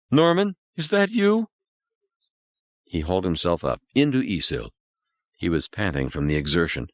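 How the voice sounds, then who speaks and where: A male narrator with a deep, low voice reads a thriller with a dramatic, suspenseful delivery and wide swings in pitch. The recording is dry and close, with a slightly dull, muffled top end. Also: fairly bright tone, no room sound. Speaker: audiobook narrator. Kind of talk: scripted narration.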